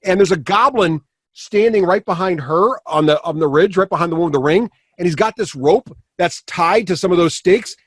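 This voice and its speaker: Rambling male game master, slightly high pitch, dry mic. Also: normal speed, a bit bright, no room sound. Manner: rambling, many fillers and restarts. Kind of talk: running a tabletop game.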